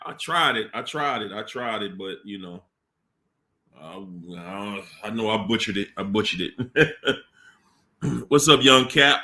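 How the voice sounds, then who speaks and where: A man hosting a casual livestream, slowly reading out names from the chat with warm laughs. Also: on the low side, lively intonation. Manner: slow, drawn-out shout-outs with laughs. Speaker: livestream host.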